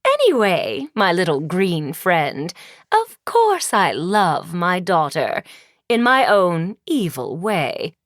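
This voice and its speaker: A woman's voice: fairly low pitch, big pitch swings, slow, no room sound, studio quality. A woman reading an audiobook, voicing a vain, snappish evil queen mother in a grand, theatrical manner. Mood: haughty.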